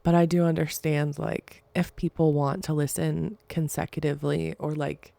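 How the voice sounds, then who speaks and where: A young woman rambles through a casual solo podcast, chatty and giggly. Her voice sits low with a gravelly fry and a mellow, dark tone. The sound is dry and close. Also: level tone, moderate pace, no room sound. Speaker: podcast host.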